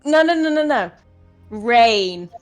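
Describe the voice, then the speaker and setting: Player at a tabletop session, casual and exasperated, raised pitch, faint music. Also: female voice, lively intonation, a little slow. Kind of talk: playing a tabletop game.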